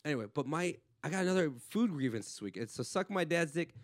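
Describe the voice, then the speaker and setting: Man, comedian host, casual crude banter, lively swinging pitch, dry close sound. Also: dry recording. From Los Angeles. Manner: crude, riffing, quick banter. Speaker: podcast host.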